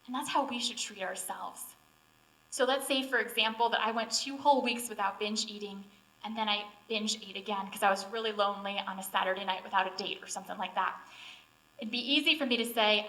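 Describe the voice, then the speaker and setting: Young female seminar speaker, earnest and heartfelt, bright tone; recorded from a distance with mains hum. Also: mid-range voice, a little fast. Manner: earnest, emotional, tearful at times. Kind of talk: inspirational talk to students. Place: auditorium or classroom.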